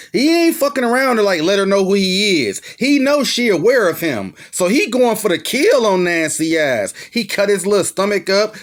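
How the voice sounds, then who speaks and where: A young man giving a casual, slangy, profane movie plot recap as the host of his own channel, acting out the characters as he goes. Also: high-pitched. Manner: loose, slangy, profane, acts out lines. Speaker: movie reviewer.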